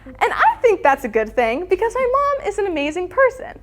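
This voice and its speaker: A woman's voice: extremely high pitch, wildly swooping pitch, a little fast. A teenage girl performing a stand-up routine, acting out family members in different voices. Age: teens. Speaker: student comedian.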